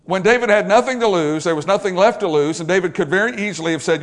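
A man preaching a sermon, emphatic and repetitive, swinging from loud stresses to hushed lines. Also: high-pitched, fast, few pauses.

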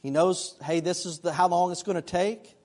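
A middle-aged man preaching from the pulpit with a fairly high voice. He moves between scripture and personal stories, keeping an easy, conversational feel. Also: normal speed, a little mellow. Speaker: pastor. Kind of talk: sermon.

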